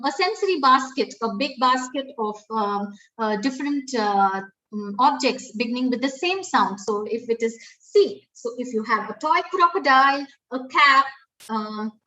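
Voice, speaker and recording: A woman with an Indian English accent, a pre-primary educator giving a webinar, explaining step by step with many pauses and fillers. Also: high-pitched, sharp tone, distant mic, rough recording. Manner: explains step by step, often restarting and saying "uh" and "um". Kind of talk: webinar talk.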